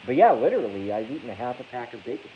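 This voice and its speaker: A man's voice: medium pitch, big pitch swings, very fast. A man rambling casually on a livestream, joking crudely, mocking himself and reading out chat comments. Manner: crude, joking, self-deprecating, reads chat aloud. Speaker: livestream host. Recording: dull lo-fi stream audio with faint hiss.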